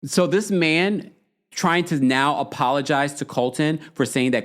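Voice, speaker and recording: A man hosting a live talk show, chatting in a casual, animated way and reading out comments from viewers. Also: mid-range voice, normal speed. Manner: animated, acts out quoted lines in shifting voices. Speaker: podcast host recapping reality TV.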